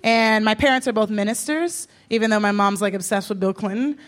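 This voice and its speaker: A woman's voice: mid-range voice, fairly quick. A woman in her twenties chatting casually, candid and joking, with frequent swearing. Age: 20s. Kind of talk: casual chat.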